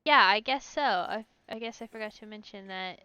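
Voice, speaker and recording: A woman's voice: medium pitch, normal speed, sharp tone, smooth, no echo, muffled recording. A woman streaming a story game, reading it aloud and chatting about her choices as she goes. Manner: chatty, reacts aloud to the game, stumbles over hard words.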